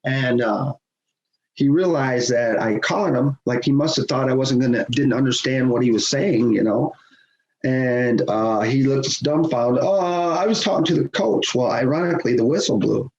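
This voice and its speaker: A middle-aged man, a guest on a podcast, telling a personal story in a lively conversational way, chuckling as he goes. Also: medium pitch, normal speed. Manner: animated, acts out quoted voices, chuckles often. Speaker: podcast guest, hockey official. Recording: roomy, dull sound with faint hiss.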